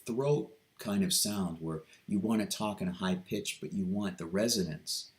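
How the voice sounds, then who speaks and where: A man talking through a reflective personal vlog, hesitant and earnest, with many pauses, ums and restarts. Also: sits low. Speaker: vlogger.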